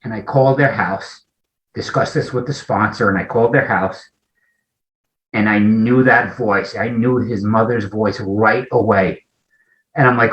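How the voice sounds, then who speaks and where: A man with a low voice tells his personal story as an interview guest, candid and meandering. The sound is roomy and slightly dull, like a lo-fi recording in an echoey space. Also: fairly even intonation, measured pace, a bit bright. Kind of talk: personal recovery story in conversation.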